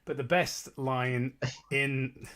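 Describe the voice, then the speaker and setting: A man's voice: medium pitch, fairly even intonation, extremely slow, a bit bright, no echo. A man co-hosting a comedy show, reading a fan story aloud in a mock-dramatic way, with swearing and laughing asides. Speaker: podcast co-host reading stories aloud. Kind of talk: casual comedic read-aloud chat.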